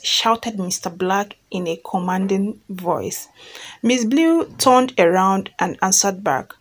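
A woman's voice: mid-range voice, slow, slightly rough. A woman who reads a fan story aloud and then retells it chattily, often checking in with listeners and repeating herself.

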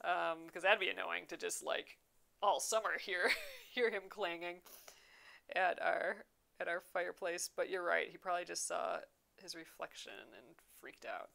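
A woman's voice: on the low side, lively intonation, a little slow, gravelly, a bit bright. A young adult woman hosting a casual craft livestream, chatting and reading viewer comments aloud with frequent laughs. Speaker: embroidery livestream host.

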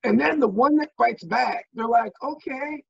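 A middle-aged man from Minnesota telling stories as an interview guest, animated and full of restarts and fillers. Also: very high-pitched, normal speed, gravelly, slightly rough. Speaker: guest, former football player. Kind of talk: casual interview storytelling. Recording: dull lo-fi audio.

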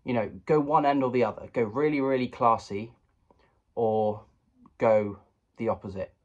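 Young British male vlogger, husky, rambling self-mocking humour, mid-range voice, camera mic at home. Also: medium pitch, moderate pace, highs cut off. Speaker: comedy vlogger. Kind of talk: joking tutorial vlog.

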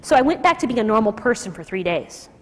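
A woman's voice: on the high side, very animated, quick pace. A woman telling a personal story to an audience, emotional, acting out the people she quotes. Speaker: speaker at a nursing school talk. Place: lecture hall. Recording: lecture hall with long reverb.

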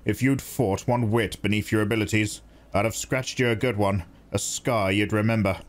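A man doing a gruff veteran weapons master. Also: fairly low pitch, fairly even intonation, moderate pace, close to an everyday voice. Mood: stern. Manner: blunt, lecturing.

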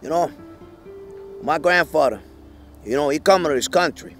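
A man's voice: on the high side, normal speed, a bit bright, soft background music. A man playing a crude wise guy. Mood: storytelling. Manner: crude, swaggering, swearing constantly. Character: brash boastful Italian-American wise guy obsessed with mortadella. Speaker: comic actor. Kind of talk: comedy sketch character.

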